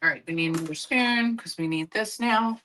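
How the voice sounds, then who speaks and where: A woman's voice: mid-range voice, normal speed, pushed and bright, a little hiss or hum, low-quality recording. A woman streamer chatting casually while she cooks, rambling and swearing now and then. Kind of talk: casual chat while cooking.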